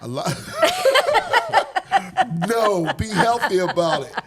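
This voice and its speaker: A man co-hosting a casual podcast chat, telling stories in an animated way and often laughing mid-sentence. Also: very high voice, drawn-out words, over a noisy crowd. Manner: animated storyteller, breaks into laughter. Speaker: podcast co-host.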